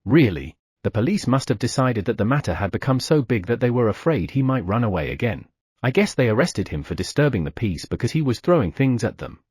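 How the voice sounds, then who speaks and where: Husky, expressive male audiobook narrator. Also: mid-range voice, a little fast, no echo, studio quality. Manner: first-person, expressive.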